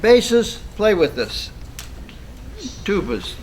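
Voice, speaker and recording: A man's voice: on the high side, animated, unhurried, a little hiss or hum. Man conducting a band, counting off. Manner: counts off and scats rhythms; fussy, precise corrections. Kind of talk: band rehearsal instruction. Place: rehearsal room with band playing. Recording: loud band music behind.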